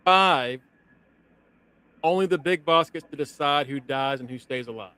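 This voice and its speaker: A man co-hosting a casual podcast, recapping an episode in an animated way, swearing and laughing often. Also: fairly high pitch, normal speed, clean tone.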